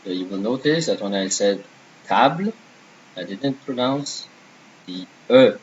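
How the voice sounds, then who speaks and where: A man's voice: on the low side, normal speed, darkish tone, muffled recording, slight background noise. A man teaching a beginner French lesson, patiently repeating and modeling each word.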